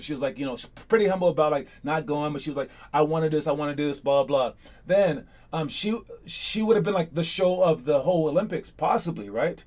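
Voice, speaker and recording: A man coaching basketball students, talking in a chatty, energetic and motivational way and checking in with "all right?". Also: high-pitched. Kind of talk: casual motivational talk to students.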